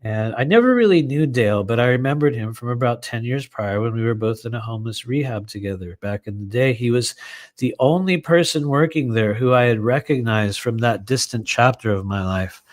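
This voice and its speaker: A man's voice: mid-range voice, a little fast, dry recording. An author reads his own book aloud in a live session, a man with a mid-range voice who keeps drifting into loose, chatty asides. His speech is casual and digressive, full of "you know," and it is recorded close and dry with no room sound.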